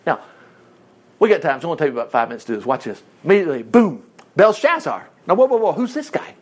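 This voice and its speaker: A man preaching a sermon, teaching from the Bible in a casual, animated and conversational way, with many asides. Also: a little high, fast talker.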